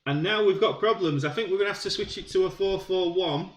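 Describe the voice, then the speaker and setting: A Yorkshire man talks through his football management game like a casual match commentator, rambling with ums and sudden bursts of excitement. His voice sits a little high for a man. The sound is roomy, with faint music underneath. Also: fast. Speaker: gaming YouTuber.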